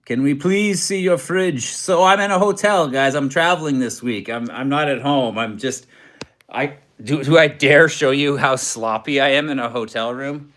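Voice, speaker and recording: A man's voice: mid-range voice, moderate pace, a bit bright. A young Canadian man hosting a true crime comedy channel, chatting loosely from a hotel room and reading viewer comments with lots of fillers. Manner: loose, self-deprecating, rambling with many fillers. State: tired. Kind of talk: casual livestream chat reading viewer comments.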